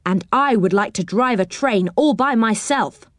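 A woman voicing an eager young boy who leads the other children in a read-aloud story, sounding bright and encouraging. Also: on the high side, expressive, unhurried, no room sound.

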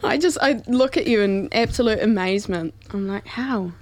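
A woman's voice: medium pitch, moderate pace, a little mellow. A woman, hosting a radio show in casual chat, with a lot of "um" as she talks. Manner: chatty, laughs easily, hesitant fillers. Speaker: radio host.

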